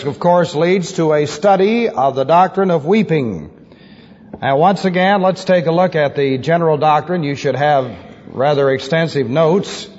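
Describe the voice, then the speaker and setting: A man's voice: on the high side, a little mellow. A man teaching a methodical sermon, repeating key phrases with emphasis, on an old recording. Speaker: pastor teaching doctrine. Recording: lo-fi old recording in a reverberant hall.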